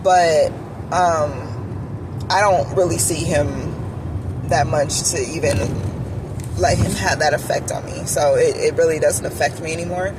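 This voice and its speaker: A woman's voice: low voice, fairly even intonation, a little slow, noisy background. A woman telling a candid personal story in a chatty vlog style, with lots of "like" and "you feel me". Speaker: vlogger telling a relationship story.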